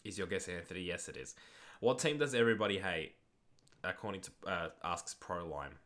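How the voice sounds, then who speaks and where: A man's voice: sits low, fairly quick, a bit bright. A young man chatting casually on a late-night stream, rambling through viewer questions and swearing now and then, sounding tired. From Australia. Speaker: livestreamer hosting a football watch-along.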